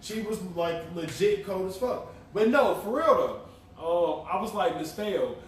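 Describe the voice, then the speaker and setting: Brief: young male co-host, lively storyteller, slightly high voice, echoey room, mic at a distance. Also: measured pace, slight background noise. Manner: animated storytelling, laughs often, swears casually. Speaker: podcast co-host. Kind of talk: casual chat. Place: room recorded for a live stream.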